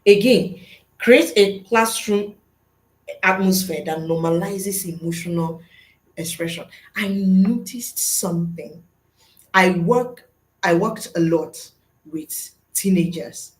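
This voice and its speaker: A woman's voice: fairly low pitch, slow, echoey room, rough recording. A middle-aged woman, a school psychologist, giving a webinar lesson to teachers in an earnest, teacherly way and answering her own rhetorical questions.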